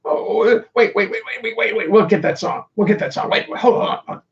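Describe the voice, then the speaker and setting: A man squeaking as frantic little brain neurons. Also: expressive, fast talker, creaky, distant mic, lo-fi sound, heavily acted. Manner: frantic, fussing. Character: panicky little brain neurons scrambling for lyrics.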